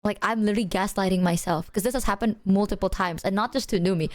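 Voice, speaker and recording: A woman streamer with a medium-pitched voice talks fast in casual chat. She tells animated stories full of swearing, acting out quotes from her own side.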